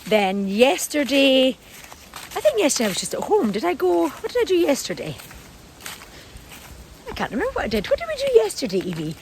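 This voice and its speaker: A woman in her forties, chatting casually as she walks outdoors with her dog, rambling and calling the dog in a high sing-song. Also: big pitch swings, normal speed, long pauses, rough recording. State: out of breath. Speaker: lifestyle vlogger. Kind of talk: casual walk-and-talk vlog. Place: outdoors in a garden and field. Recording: outdoor recording with background noise.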